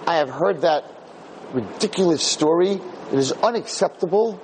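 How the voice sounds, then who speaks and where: A strict, formal schoolteacher lays down a punishment in measured, scolding tones, voiced by a man in his own voice. Her speech is crisp and proper. Nothing about it is softened. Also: fairly high pitch, expressive, a little hiss or hum, lightly acted, poor audio. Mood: stern. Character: stern veteran woman schoolteacher.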